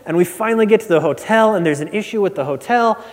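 High-voiced storytelling preacher man. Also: fast talker. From Nebraska. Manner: animated, self-mocking storyteller. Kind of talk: storytelling sermon. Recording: long hall reverb.

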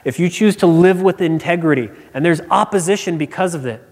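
A man's voice: on the high side, a little fast, darkish tone. A male pastor giving a conversational sermon, telling personal stories and explaining scripture. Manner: conversational preaching with personal anecdotes. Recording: long reverb of a large hall.

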